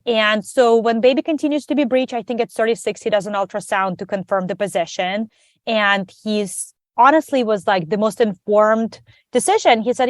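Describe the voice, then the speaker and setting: A woman guest on a podcast, telling her story in a lively, conversational way and acting out the voices of others. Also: medium pitch, moderate pace, dry recording, studio quality. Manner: animated, acts out quoted dialogue.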